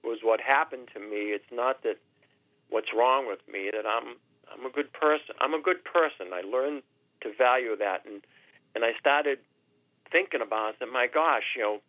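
A man in his sixties, a radio guest, speaking haltingly and emotionally, repeating words and with his voice sometimes breaking. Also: medium pitch, no echo. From New Hampshire. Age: 60s. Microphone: telephone. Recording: tinny phone line.

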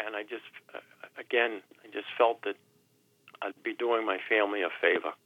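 A man in his sixties, a radio guest, speaking haltingly and emotionally, repeating words and with his voice sometimes breaking. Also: lowish voice, dry recording. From New Hampshire. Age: 60s. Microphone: telephone. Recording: tinny phone line.

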